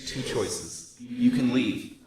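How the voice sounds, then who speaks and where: A man's voice: mid-range voice, slow, reverberant, distant mic, crowd noise, close to an everyday voice. A man voicing a grave old witch. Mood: solemn. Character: ancient female witch sorceress, calm and grave.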